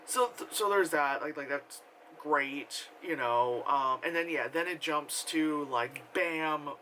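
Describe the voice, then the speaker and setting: A man's voice: fairly high pitch, slow pace, sharp tone, slight background noise, poor audio. A man giving a casual, rambling film review full of fillers and offhand swearing. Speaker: movie reviewer.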